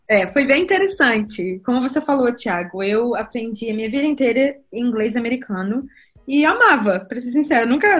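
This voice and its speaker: A young woman from Brazil with a Brazilian accent shifted toward British English, chatting casually as a podcast guest and laughing often. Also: fairly high pitch. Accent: Brazilian Portuguese, shifted toward British English.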